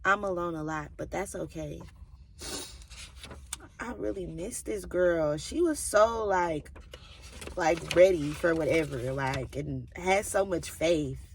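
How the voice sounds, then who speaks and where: Slow and soft, a young woman in her twenties speaks in a low voice over a little hiss or hum as she reads old journals for a casual personal vlog. Her tone is emotional and confiding, full of "like"s, and now and then she grows tearful.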